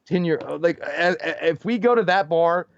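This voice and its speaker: A man's voice: a little high, normal speed, creaky, highs cut off. A man co-hosting a casual movie podcast, telling rambling stories full of restarts and acted-out quotes, often laughing. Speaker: co-host of a movie channel.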